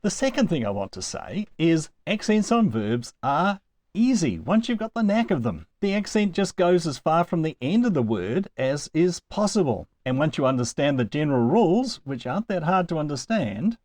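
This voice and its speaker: A man's voice: on the high side, sing-song, normal speed, darkish tone, dry recording. A man teaching a recorded language lesson, explaining patiently step by step with a dry joke now and then. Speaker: Greek teacher.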